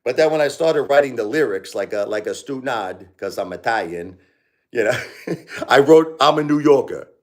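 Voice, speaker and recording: A man's voice: medium pitch, animated, normal speed, darkish tone. A man in his forties with a Brooklyn New York accent, chatting casually and rambling on a live stream, full of "you know"s and restarts. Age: 40s.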